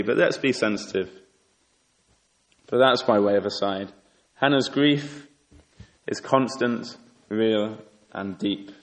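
A man preaching a sermon in an earnest, exhorting way, asking rhetorical questions. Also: medium pitch. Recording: echoey hall with long reverb.

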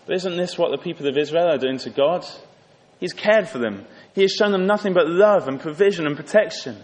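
Earnest preacher man in a reverberant hall. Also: fairly quick. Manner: earnest, rises for emphasis and drops low on solemn lines. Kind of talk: sermon.

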